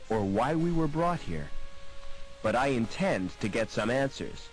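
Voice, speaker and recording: A man's voice: medium pitch, big pitch swings, unhurried. An actor voicing a wry, determined male hero in an adventure game, with understated remarks. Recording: game audio with music behind.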